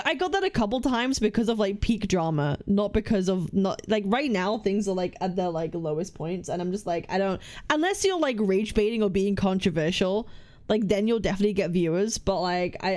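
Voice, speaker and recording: A woman streamer speaks very close to the mic, rambling casually, swearing and laughing as she reads chat aloud. Her medium-pitched, darkish voice has a blocked-nose sound with little nasal resonance.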